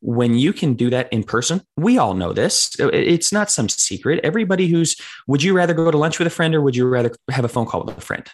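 A man's voice: fairly high pitch, lively intonation, quick pace. A man hosting a casual church discussion, posing questions with lots of casual fillers. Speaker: discussion host.

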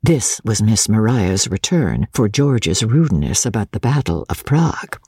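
A woman narrator reading a classic novel aloud in an expressive, theatrical way. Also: extremely low pitch, unhurried, breathy edge, no echo, clean studio sound. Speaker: audiobook narrator.

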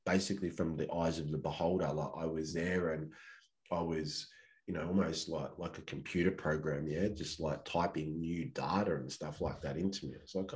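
A man's voice: extremely low pitch, steady tone, normal speed, a little mellow. A man with an Australian accent, a podcast guest telling a long personal story in a rambling, laid-back, swear-heavy way. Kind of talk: casual storytelling.

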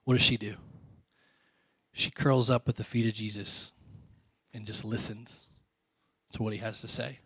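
Male pastor, relaxed chatty sermon, quizzes the room, dry close sound. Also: on the low side, unhurried, pauses often, slightly rough, no room sound. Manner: conversational, quizzes the congregation, drops to soft quiet lines.

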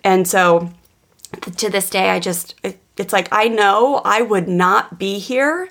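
A woman podcast co-host telling a personal parenting story in an earnest, animated way, with many restarts and fillers. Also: medium pitch, measured pace. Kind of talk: personal storytelling in casual chat.

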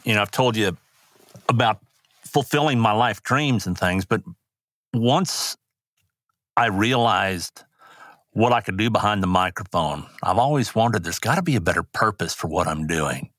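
A man's voice: lowish voice, expressive, moderate pace, fairly bright tone, no room sound, clean studio sound. Older man telling earnest stories. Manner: earnest, rambling anecdotes with restarts. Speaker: guest, rodeo announcer. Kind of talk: personal storytelling interview.

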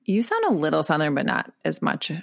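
A woman's voice: deep voice, huge pitch swings, a little fast, gravelly, no echo, studio quality. A woman with a Minnesota accent, co-hosting a podcast in a chatty way, often laughing and going off on side notes. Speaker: podcast co-host. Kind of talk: casual chat. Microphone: own microphone.

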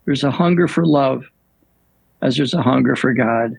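Older man, priest guest, gravelly, husky, reflective storyteller, dry sound. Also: mid-range voice, no room sound, poor audio. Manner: unhurried, reflective, frequent "uh" and "um". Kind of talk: storytelling in an interview.

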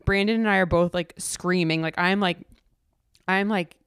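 A young woman tells a personal story with emotion, stumbling through fillers and restarting her sentences. Her voice sits a little low and sounds smooth. The recording is dry and close, with no room sound. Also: steady tone, moderate pace, a bit bright, dry recording. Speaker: podcast host.

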